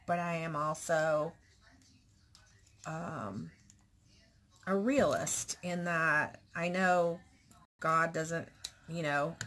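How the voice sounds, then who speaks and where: A woman talking in a casual personal vlog, nervous and candid, halting with restarts and pauses, sometimes dropping into a soft whisper. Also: on the low side. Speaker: vlogger.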